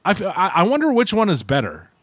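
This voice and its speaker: A man's voice: high voice, wildly swooping pitch, fast, fairly bright tone, no echo. A man co-hosting a podcast, giving a rambling, meandering casual food review. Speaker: podcast co-host. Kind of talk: casual chat.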